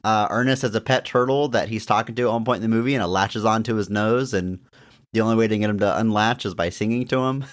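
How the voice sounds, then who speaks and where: A man's voice: fairly low pitch, quick pace. A man co-hosting a podcast, chatting casually about an old comedy film and laughing often. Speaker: podcast co-host. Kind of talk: casual movie discussion.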